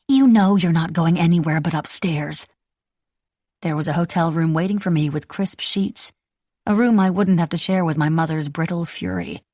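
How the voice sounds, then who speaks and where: A woman reading a novel aloud in the first person, with wry, measured storytelling. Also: low voice, a little mellow, dry recording, studio quality. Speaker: audiobook narrator.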